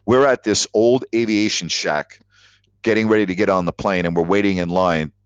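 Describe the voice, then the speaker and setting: A man's voice: sits low, fairly even intonation, normal speed, clean tone, no echo. A man hosting a call-in sports talk show, telling stories with emphatic repetition. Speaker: sports radio host. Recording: dull lo-fi audio.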